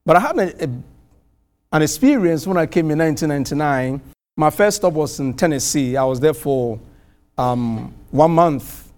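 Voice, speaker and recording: A middle-aged man from outside the US with a foreign accent, preaching a sermon and telling a personal story with lively, animated delivery. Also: moderate pace. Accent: non-American. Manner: animated storytelling, pitch swinging widely.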